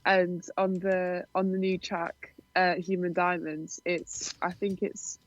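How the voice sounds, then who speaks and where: A woman guest musician in casual chat, quick and chatty with frequent laughs. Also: lowish voice, flat delivery, no room sound. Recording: dull lo-fi, dry.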